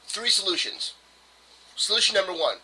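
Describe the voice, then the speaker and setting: A man's voice: sits high, sing-song, moderate pace, sharp tone, slight background noise, poor audio. A man co-hosting a casual podcast, arguing in a heated, profane, mock-lecturing way. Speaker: podcast co-host. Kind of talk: casual argumentative podcast chat.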